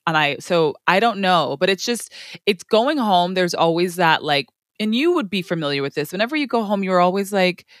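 A woman in her thirties from the United States co-hosts a casual podcast. Her voice sits a little low, and the recording is dry and close. She swears freely and acts out quoted lines in a high, animated voice. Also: normal speed, dry recording. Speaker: podcast co-host. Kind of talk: casual chat.

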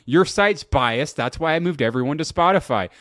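A man's voice: fairly high pitch, expressive, moderate pace, fairly bright tone, no echo, clean studio sound. A middle-aged man hosting his podcast alone, telling a story in a casual, incredulous way, swearing and laughing at his own story. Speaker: podcast host. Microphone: close podcast mic.

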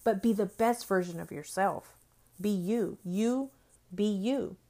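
This Christian speaker, a woman in her forties, talks at a slow pace with a mellow, medium-pitched voice. Her motivational message about faith is earnest and repetitive, and she keeps asking "right?"

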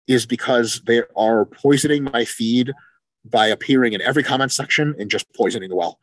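A man co-hosting a casual podcast chat, animated and profane, acting out quoted exchanges as he talks. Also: medium pitch, fairly quick, no echo. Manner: animated, swears freely, acts out quoted exchanges. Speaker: podcast co-host, coach.

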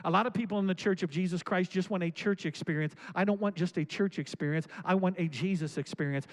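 A man preaching a sermon, reading scripture aloud and commenting on it, and building up to shouted calls to the congregation. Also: sits high, fast talker, hardly any pauses, poor audio. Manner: preaching with rising, shouted exhortations. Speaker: pastor.

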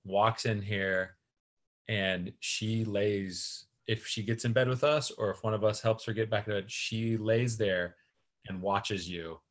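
A man's voice: fairly low pitch, fairly even intonation, measured pace. A man, a parent, explaining things in a matter-of-fact, casual way. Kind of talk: casual conversation.

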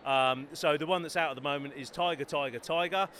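In a noisy trade fair hall, an author from Bedford, England, gives an enthusiastic, self-promoting interview, chatting keenly about his books. He speaks fairly quickly in a fairly high, pushed, bright voice, and there's slight background noise.

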